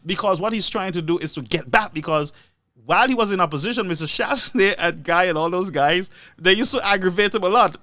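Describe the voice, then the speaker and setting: A man's voice: high-pitched, a little fast, dry recording. A man giving live political commentary, laughing often and repeating words for emphasis. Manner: animated, laughs often between phrases.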